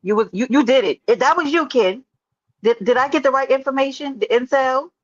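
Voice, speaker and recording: A woman's voice: high-pitched, fairly quick, no room sound. Woman, livestream host, brash, teasing, dry close sound, dull lo-fi audio. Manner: brash, teasing, swears freely. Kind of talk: casual livestream chat.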